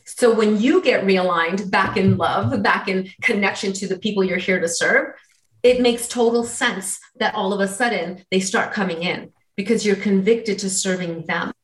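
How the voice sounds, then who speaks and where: A woman's voice: mid-range voice, normal speed, roomy sound, low-quality recording. A woman guest in an interview, a business coach speaking in an earnest, inspirational way. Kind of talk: casual interview talk.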